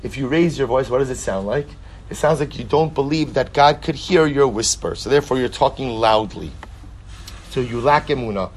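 A man's voice: medium pitch, normal speed, a little hiss or hum. A man teaching a text study lesson. He reads passages aloud, explains them line by line, and asks rhetorical questions. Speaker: Talmud teacher.

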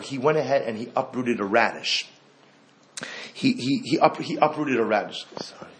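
Animated man giving a Torah talk. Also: medium pitch. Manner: animated, repeats phrases, swings from hushed to loud.

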